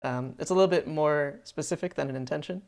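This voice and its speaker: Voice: mid-range voice, fast, creaky, a little mellow. A podcast co-host talking casually, rambling through thoughts with lots of "like" and "um". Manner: rambling, many fillers and restarts.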